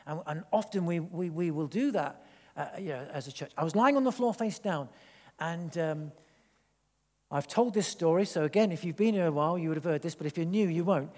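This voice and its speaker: A man from England, preaching a sermon in a church, animated and rambling with frequent restarts. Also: fairly high pitch, fairly quick, big-room sound. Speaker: pastor. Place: church hall.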